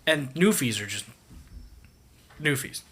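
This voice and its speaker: Bright-voiced Canadian man telling stories. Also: mid-range voice, lively intonation, slow pace, husky. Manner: swearing, storytelling. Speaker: podcast guest. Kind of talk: casual chat.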